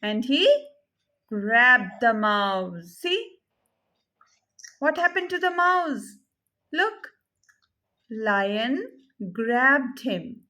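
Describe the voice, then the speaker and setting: A woman speech therapist teaching a child with a story, slowly repeating her prompts and questions. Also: a little high, very animated, pushed and bright. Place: therapy session room.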